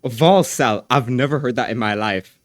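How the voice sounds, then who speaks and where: A man's voice: mid-range voice, normal speed, dry recording, studio quality. A young man streaming live, chatting casually in a rambling, slangy way with lots of restarts.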